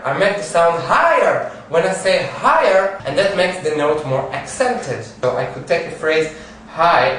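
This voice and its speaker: A man's voice: on the high side, far from the mic, slight background noise. A man giving a piano lesson, explaining rhythm, counting beats aloud and singing short phrases. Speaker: piano teacher. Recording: echoey room, piano, voice from off mic.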